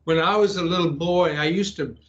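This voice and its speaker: A man, a pastor, telling a long story in an interview, earnest, with frequent restarts and throat clearing. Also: a little high, brisk, a bit bright, highs cut off. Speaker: pastor and exorcist guest.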